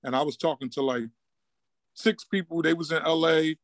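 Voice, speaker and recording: A middle-aged man from Newark, a basketball coach telling stories in a relaxed street style and acting out what people said. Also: a little high, normal speed, no room sound. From Newark, New Jersey. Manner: laid-back street talk, acts out quoted dialogue. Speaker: high school basketball coach, guest. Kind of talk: casual storytelling interview.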